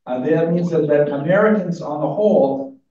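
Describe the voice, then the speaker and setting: A man's voice: a little high, normal speed, mellow. Man lecturing in an echoey hall. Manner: casual, self-interrupting, with fillers. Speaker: conference speaker. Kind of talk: academic lecture with humor. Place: large conference hall. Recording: echoey hall from far off, dull sound.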